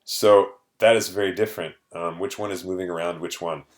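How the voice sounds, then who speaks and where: Low-voiced male teacher explaining vocabulary. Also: fairly even intonation, fairly quick. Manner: patient, explanatory, with fillers. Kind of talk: vocabulary lesson to students.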